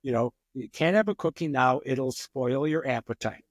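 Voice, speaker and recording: A man's voice: medium pitch, expressive, moderate pace, dry recording, clean studio sound, pitched below the performer's own voice, lightly acted. A man doing a patient mom explaining. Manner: explaining, reasoning. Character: patient mother cooking dinner, growing frustrated.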